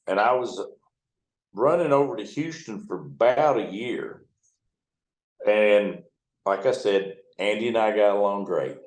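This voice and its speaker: The speaker is an elderly American towboat captain, in his seventies, swapping folksy tales laced with profanity for an interviewer. His lowish voice is a little mellow, and the poor recording sounds roomy.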